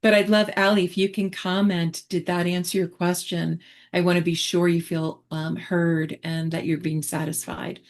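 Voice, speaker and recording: Low-voiced woman therapist teaching casually. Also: little pitch movement, moderate pace. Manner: warm, reflective, with frequent fillers and restarts. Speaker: therapist presenter. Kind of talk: conversational online teaching.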